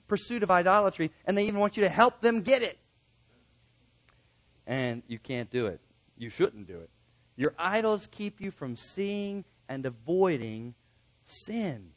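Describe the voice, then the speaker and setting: A middle-aged man preaching from the pulpit, earnest and emphatic as he drives his points home. His voice sits a little higher than most men's, and he slips into acted-out exchanges to make a point. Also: fairly bright tone, low-quality recording. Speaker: pastor. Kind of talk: sermon.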